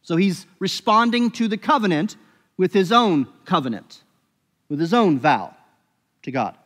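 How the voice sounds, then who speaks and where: A fairly high-voiced male pastor delivers a sermon in a conversational way, often rising with emphasis and restarting his phrases. His voice rings out with the long reverb of a church hall. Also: lively intonation, unhurried, a bit bright. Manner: conversational preaching with emphatic rises and frequent restarts. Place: church sanctuary.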